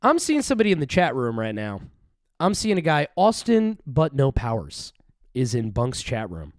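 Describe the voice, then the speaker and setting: A man's voice: medium pitch, huge pitch swings, normal speed, dry recording, studio quality. A man streaming casual commentary, rambling and profane, jumping between topics.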